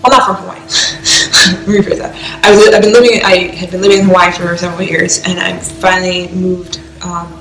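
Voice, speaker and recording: A woman's voice: fairly low pitch, little pitch movement, brisk, creaky, fairly bright tone, a little hiss or hum. A young woman from the US East Coast rambling through an emotional reaction vlog, filling her talk with "like". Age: young adult. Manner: rambling, heavy use of "like", emotional. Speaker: vlogger reacting to music. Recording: echoey room.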